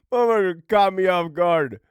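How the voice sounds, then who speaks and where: A man's voice: sits high, heavy background noise. A former prison officer telling a casual, profane story from his own life, laughing often as he talks.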